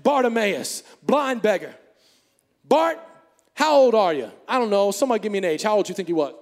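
Fervent, high-voiced shouting preacher. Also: male voice, sing-song, brisk, long reverb tail. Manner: fervent, shouting, call and response. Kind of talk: sermon.

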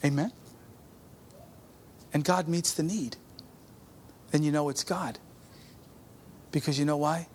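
Middle-aged male pastor with a high voice, preaching a conversational testimony sermon. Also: fairly even intonation, takes it slowly, long pauses, darkish tone, a little hiss or hum. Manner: conversational, calls out to the congregation.

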